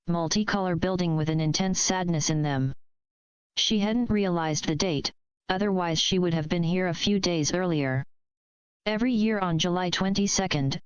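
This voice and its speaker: A woman reading a fan fiction story aloud in a steady, measured way. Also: on the low side, smooth, dry recording, muffled recording. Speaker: story reader. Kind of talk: fanfiction read aloud.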